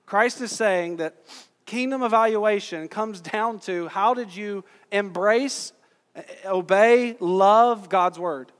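A man preaching a sermon as pastor, talking to his congregation in a conversational way, asking rhetorical questions and slowing down for emphasis. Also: sits high. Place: church sanctuary. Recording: long reverb of a church hall.

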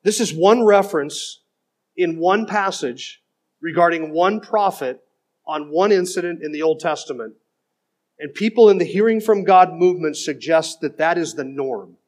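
A middle-aged male pastor with a notably high voice, preaching emphatically. He reads quotations aloud and then pushes back on them with firm, critical emphasis. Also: normal speed, darkish tone. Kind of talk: sermon.

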